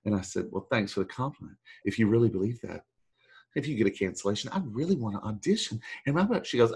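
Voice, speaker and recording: A middle-aged man, a voice actor guest telling a long story in a rambling, animated way and acting out the people he quotes. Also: fairly low pitch, fast talker, slightly rough. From Texas. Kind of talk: storytelling anecdote.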